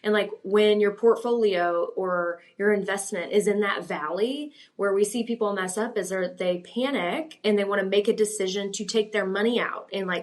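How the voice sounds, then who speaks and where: A woman's voice: medium pitch, fairly even intonation, moderate pace, hardly any pauses. A woman financial planner, a guest on a podcast, explaining and advising with many fillers. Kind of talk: casual interview conversation.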